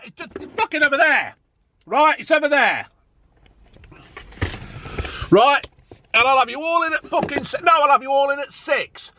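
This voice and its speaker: A man with a very high, sharp voice rants angrily in a football fan vlog. He swears a lot and repeats himself for emphasis.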